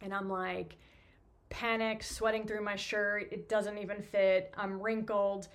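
A New York woman who hosts a podcast and works as a physical therapist tells a story in a casual monologue. Her voice is mid-range and level, her pace measured, and she's chatty and self-deprecating, with plenty of fillers.

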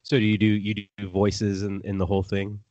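A man hosting a casual podcast chat in a fairly low voice, recorded very dry and close. He rambles through his stories, swears freely and often laughs at his own jokes. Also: completely flat delivery, a little fast, a little mellow, no echo. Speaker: podcast host.

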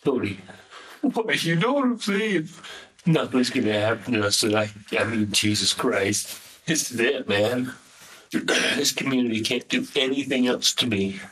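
A man's voice: mid-range voice, expressive, unhurried, a bit bright, slightly rough, rough recording. A man, a father, urging his son in a repetitive, pleading way. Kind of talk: pleading conversation.

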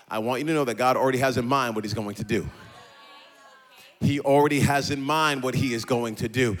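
A male pastor preaching a sermon in a sing-song cadence, building to shouts and breaking into jokey asides with laughter. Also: mid-range voice, brisk. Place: church stage.

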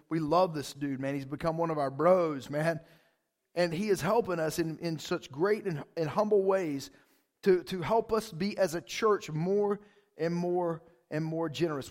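A man preaching a sermon as pastor, in a casual, conversational way, often saying "man" and "like". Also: high-pitched.

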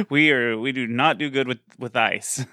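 A man's voice: medium pitch, slow, pushed and bright, no room sound, studio quality. A man from Texas, co-hosting a casual gaming podcast, laughing often and swearing casually. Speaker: podcast co-host.

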